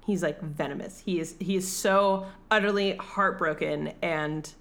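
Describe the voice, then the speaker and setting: A woman's voice: on the low side, fairly even intonation, measured pace, a bit bright. A woman in casual chat, animatedly retelling a film plot, acting out quotes, laughing and swearing.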